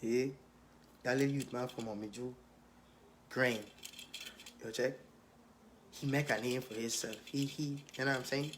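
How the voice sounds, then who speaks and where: A young man with a thick Virgin Islands accent talks in an easygoing, streetwise way, tossing in tag questions as he answers fan questions. His voice sits at an ordinary middle pitch, and a faint hiss runs under it. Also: steady tone, unhurried, long pauses, fairly bright tone. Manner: laid-back, streetwise, with repeated tag questions. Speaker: rapper. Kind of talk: casual Q&A, reading questions aloud.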